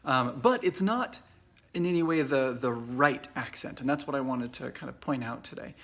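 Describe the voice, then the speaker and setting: A man in his forties with an American accent, giving an informal English lesson in a relaxed, chatty way full of fillers and restarts. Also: mid-range voice, moderate pace. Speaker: English teacher. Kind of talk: casual video lesson. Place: away from home at a conference trip. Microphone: Facebook Live video.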